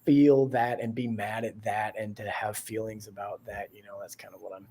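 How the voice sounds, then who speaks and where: A man's voice: lowish voice, steady tone, moderate pace, mellow, slight background noise. A man co-hosting a podcast in casual chat, rambling and reflective, laughing often. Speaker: podcast co-host.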